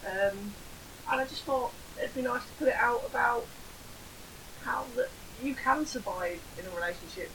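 A woman in her forties from Northamptonshire with an English accent, co-hosting a podcast in casual banter, teasing and laughing, at times dropping to a breathy whisper. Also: fairly high pitch, normal speed, background noise. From Northamptonshire, England. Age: 40s. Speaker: podcast co-host.

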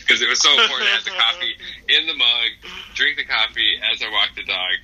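A man's voice: mid-range voice, brisk, pushed and bright, low-quality recording. A young adult man co-hosting a podcast, telling a rambling story full of swearing and fillers. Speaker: podcast co-host. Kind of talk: casual chat, profane storytelling.

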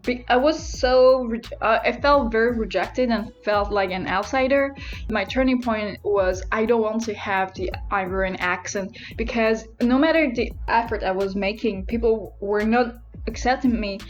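A woman's voice: fairly high pitch, moderate pace, soft background music. A young woman hosting a podcast in casual conversation, reflective and careful, correcting herself as she talks. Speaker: podcast host. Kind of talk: casual interview chat.

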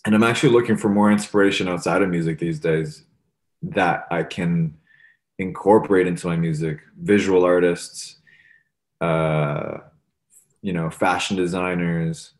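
Deep-voiced and unhurried, a young musician chats casually in an interview. He rambles in a relaxed way, leaning heavily on fillers such as "like" and "you know."

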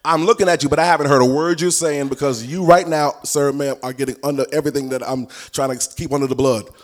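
A man preaching a teaching sermon with a fairly high voice that climbs into shouts and half-sung lines. His speech is folksy and colloquial, full of punchy repetition. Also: steady tone, quick pace. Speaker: prophetic ministry teacher.

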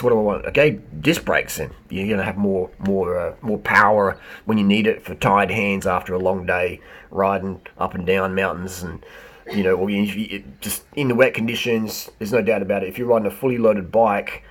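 Husky ranting man. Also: lowish voice. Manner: animated, sarcastic ranting. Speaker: bike shop owner and video host. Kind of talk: reaction commentary.

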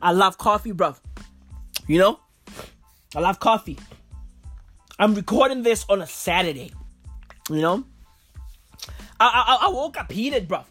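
A woman's voice: mid-range voice, lively intonation, unhurried, long pauses, a bit bright, soft background music. A woman hosting a podcast from a recording booth, with a stuffy, blocked nose, ranting in a profane, rambling, slangy way. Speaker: podcast host. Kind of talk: comedic rant.

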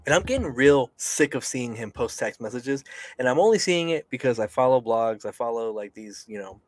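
A man's voice: medium pitch, lively intonation, normal speed, no echo. A young man co-hosting a casual podcast, ranting in a heated, profane way with frequent sighs. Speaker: podcast co-host.

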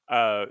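A man's voice: fairly bright tone, dry recording, muffled recording. A man co-hosting a casual podcast, chatting loosely with fillers and laughing easily. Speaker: podcast co-host. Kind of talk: casual chat.

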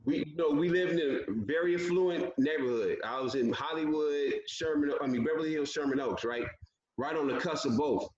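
A man telling a long story in a casual interview, animated, often acting out what people said. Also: on the high side, a little fast, echoey room, dull audio, over a noisy crowd. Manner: animated storyteller, acts out quotes. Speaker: guest.

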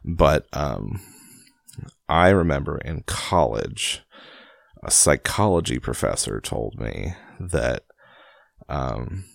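A man's voice: extremely low pitch, expressive, takes it slowly, creaky, long pauses, dry recording, studio quality. A man hosting a casual podcast, reading a book aloud at home in his basement late at night and rambling with a self-deprecating, laughing manner. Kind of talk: casual storybook reading and chat.

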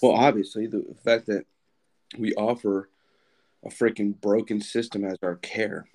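Young man, deep voice, casual podcast chat, rambling, fillers. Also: steady tone, unhurried, a little mellow. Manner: rambling, laughing, lots of fillers. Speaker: podcast co-host.

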